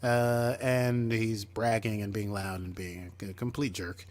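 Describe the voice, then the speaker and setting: A man's voice: fairly low pitch, fairly even intonation, unhurried. Chatty man recapping an episode. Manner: chatty, acts out characters' lines while retelling. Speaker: podcast co-host. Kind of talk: casual chat recapping a TV episode.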